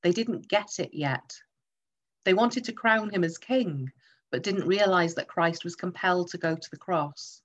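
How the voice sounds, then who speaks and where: A woman's voice: lowish voice, unhurried. A woman preaching a sermon, emphatic and teaching through rhetorical questions.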